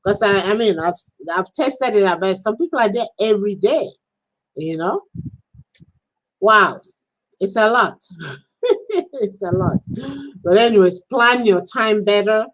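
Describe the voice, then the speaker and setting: A woman coaching on a live stream in a chatty, animated way, laughing often and acting out little quoted exchanges. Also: medium pitch, a little slow, pauses often, poor audio. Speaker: business and social media coach.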